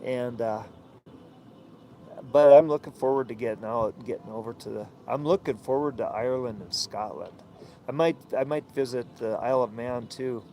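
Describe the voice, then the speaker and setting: A man's voice: medium pitch, moderate pace, dark tone, a little hiss or hum. A man talking in a casual, rambling way with many fillers, outdoors. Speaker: vlogger and sailor.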